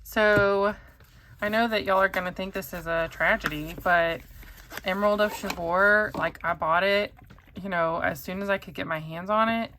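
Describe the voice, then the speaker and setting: A woman's voice: medium pitch, steady tone, normal speed, bright, forceful tone, slight background noise. A woman chatting casually to camera as a pen reviewer, rambling with many ums and likes.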